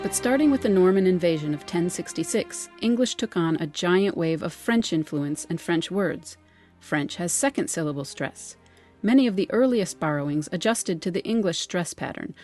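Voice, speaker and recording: A woman with an American accent, a linguist and editor, giving a measured, scripted explainer narration. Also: fairly low pitch, lively intonation, a little mellow, soft background music.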